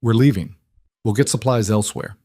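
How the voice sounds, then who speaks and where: A man's voice: on the low side, a little fast, mellow, no echo, clean studio sound. A man voicing a protective rancher in a western story, speaking firmly in a hard, clipped voice. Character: firm, protective male rancher.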